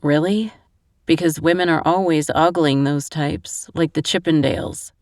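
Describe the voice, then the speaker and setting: A woman's voice: sits low, moderate pace, a little mellow, dry recording, clean studio sound. A woman voicing an earnest, bewildered young man in an audiobook. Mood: puzzled. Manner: puzzled, self-doubting.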